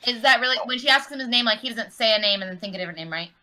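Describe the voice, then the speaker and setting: A woman chatting as a player in a tabletop game, weighing each choice aloud. Her voice sits fairly high and sounds bright and forceful. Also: rapid-fire. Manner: wary, second-guessing. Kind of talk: casual chat.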